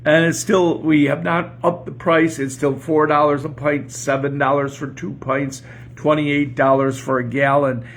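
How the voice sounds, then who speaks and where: Rambling older man with a gravelly voice. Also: a little high, little pitch movement, a little slow. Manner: rambling and chuckling. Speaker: pastor and podcast host. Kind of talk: casual morning chat and joke telling. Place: home porch.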